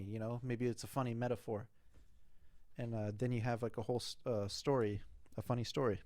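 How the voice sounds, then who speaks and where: A man's voice: medium pitch, darkish tone, no echo. Young man rambling loosely, dry sound. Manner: loose and rambling, with fillers and swearing. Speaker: host answering listener questions. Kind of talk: casual chat.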